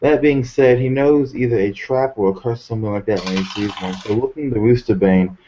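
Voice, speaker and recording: A man playing a tabletop game, narrating his character in a measured third-person way. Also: medium pitch, mellow. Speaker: player. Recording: dull lo-fi recording.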